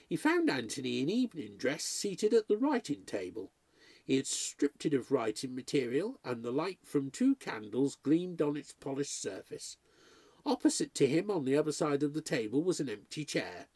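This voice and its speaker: Expressive male story narrator, animated delivery, husky mellow tone. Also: a little high, moderate pace, no room sound. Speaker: audiobook reader. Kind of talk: scripted narration.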